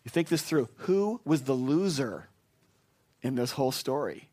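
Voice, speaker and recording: Animated man preaching a funeral sermon. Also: mid-range voice, moderate pace. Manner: animated, storytelling, rising to excited outbursts. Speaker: pastor.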